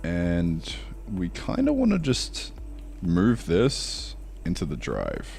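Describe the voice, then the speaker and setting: A man's voice: low voice, wildly swooping pitch, slow, creaky, darkish tone, slight background noise. A man thinking aloud in casual live-stream chat while he programs, mumbling along with fillers.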